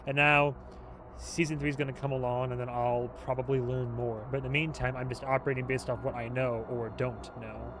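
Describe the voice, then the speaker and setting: A man hosting a casual livestream chat as a TV show reviewer, rambling and joking, quick to laugh. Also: mid-range voice, little pitch movement, noisy background. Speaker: YouTube host, TV show reviewer.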